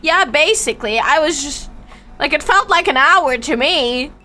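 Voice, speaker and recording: A woman's voice: high voice, expressive, normal speed, bright, forceful tone. A woman streamer telling a personal story in casual chat, stammering and swearing freely, with faint music behind her.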